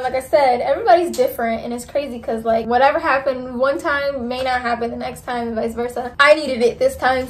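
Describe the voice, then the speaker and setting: A woman's voice: a little high, slight background noise. A young woman in her twenties, a vlogger giving a candid, chatty recovery update full of "like" fillers. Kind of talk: casual recovery update vlog.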